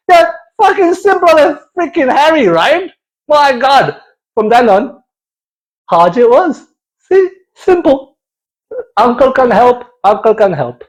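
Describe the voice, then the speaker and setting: A man's voice: extremely high pitch, expressive, unhurried, poor audio. A man doing a playful comic monologue, swearing freely and slipping into accents as he goes. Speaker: comedian.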